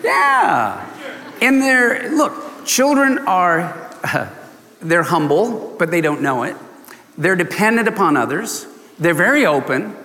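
A man delivers a sermon from the pulpit, his fairly high voice jumping all over its range as he laughs and acts out little voices. The sound carries a long reverb from the church sanctuary. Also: a little slow. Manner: animated, laughing, acting out voices of people in the story. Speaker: pastor.

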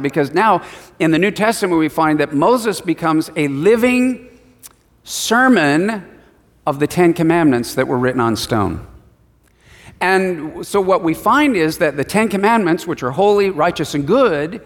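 A man's voice: a little high, animated, measured pace. A man preaching a sermon, reading scripture and retelling it in a casual storytelling way, heard with a long hall reverb. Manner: conversational storytelling with acted quotes.

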